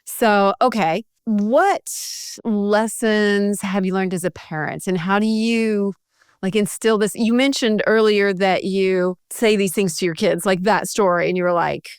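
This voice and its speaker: A woman's voice: medium pitch, fairly even intonation, unhurried, clean tone, dry recording, clean studio sound. A woman hosting a podcast interview, asking questions and affirming her guest. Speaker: podcast host. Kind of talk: conversational interview.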